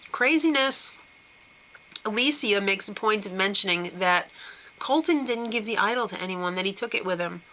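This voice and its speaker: A woman recapping a reality show in a loose, gossipy way, giggling and throwing in snarky asides. Her voice is bright, and her pitch sits in the middle for a woman. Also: expressive, moderate pace, slight background noise, rough recording.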